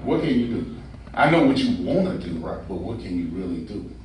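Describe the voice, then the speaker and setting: A man's voice: lowish voice, very animated, fairly quick, darkish tone, slight background noise. A man in a casual group chat, speaking bluntly and repeating his words for emphasis. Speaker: co-host. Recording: echoey room, mic far off.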